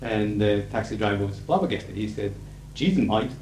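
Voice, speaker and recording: A man's voice: on the low side, fairly quick, a little mellow. A middle-aged Japanese man speaking English with a Japanese accent, giving a humorous, anecdotal lecture as a conference interpreter, with frequent uh fillers. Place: lecture hall with audience. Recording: echoey hall, faint hiss, 1980s tape.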